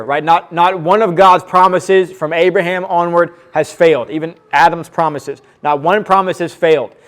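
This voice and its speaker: Earnest pastor preaching, slightly high voice. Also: male voice. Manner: earnest teaching with scripture readings and asides; repeats key phrases for emphasis. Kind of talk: sermon.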